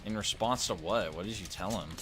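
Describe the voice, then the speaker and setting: A man's voice: on the low side, fairly quick. A man streaming a retro shooter, chatting casually with viewers and cursing freely as he plays. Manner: swears freely, talks to chat between kills. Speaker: gaming streamer. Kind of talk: casual gameplay commentary.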